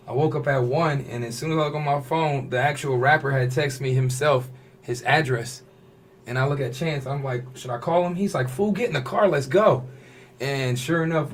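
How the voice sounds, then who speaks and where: There's a faint hiss or hum under this man's medium-pitched voice. On a podcast, the fashion designer spins a personal story in loose slang, lively and animated, frequently mimicking how others spoke.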